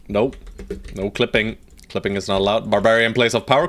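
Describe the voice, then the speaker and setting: During a live strategy-game stream, a man chats playfully with his audience and commands his units with casual swearing. His lowish voice is brisk, steady and a bit bright, with slight background noise.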